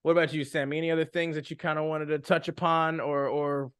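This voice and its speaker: Rambling young man, fairly high voice. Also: level tone, fairly quick, clear, resonant tone, dry recording. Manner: rambling, many fillers and restarts. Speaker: podcast co-host. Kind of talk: casual advice chat.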